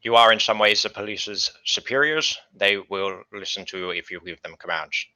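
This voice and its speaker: A man running a tabletop game as game master, explaining things in a relaxed way with fillers. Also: lowish voice, moderate pace, no echo, lo-fi sound.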